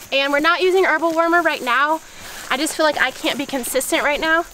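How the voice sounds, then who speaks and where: A woman's voice: high voice, brisk, pushed and bright, slight background noise, rough recording. A woman vlogger giving a practical step-by-step how-to talk outdoors on a farm. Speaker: homesteading vlogger. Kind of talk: casual how-to explanation.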